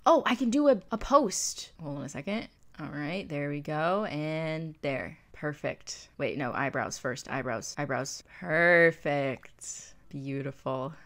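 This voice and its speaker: Brief: young woman from New England, low-pitched, bubbly casual gameplay chatter into a desk mic. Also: slow, hardly any pauses. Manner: chatty, bubbly, easily excited. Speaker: gaming YouTuber. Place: home desk. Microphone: desk microphone.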